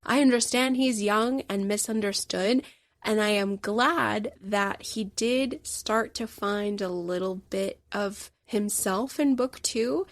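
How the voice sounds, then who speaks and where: A woman's voice: medium pitch, takes it slowly, no room sound. A woman hosting a podcast alone, chatting with her listeners in an enthusiastic, opinionated way. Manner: chatty, addresses listeners as guys. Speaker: podcast host. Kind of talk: casual solo podcast review.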